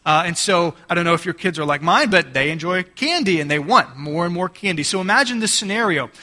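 Bright-voiced male preacher. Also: sits high, expressive, fairly quick. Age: adult parent. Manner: expository preaching with plain everyday examples. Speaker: pastor. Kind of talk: sermon.

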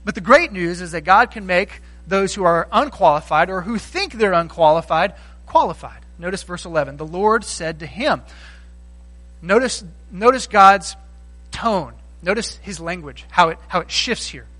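A man's voice: sits high, lively intonation, moderate pace, a bit bright, poor audio. A man preaching a sermon in a conversational way, acting out the voices he quotes. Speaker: pastor.

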